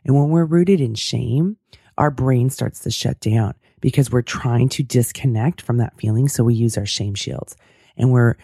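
Woman host, hoarse and cracking, low gravelly and dark, thoughtful solo talk. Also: no echo, studio quality. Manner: earnest, thoughtful, self-deprecating. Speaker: podcast host. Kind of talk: casual interview chat and solo reflection.

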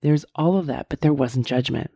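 A woman in her fifties speaks in an earnest, encouraging monologue, circling back to her points and tagging them with "right?". Her voice is warm and soft-edged, recorded dry with no room sound. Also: extremely low pitch, moderate pace, husky, no room sound. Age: 50s. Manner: earnest, repeats points for emphasis, asks "right?" often. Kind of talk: reflective motivational monologue.

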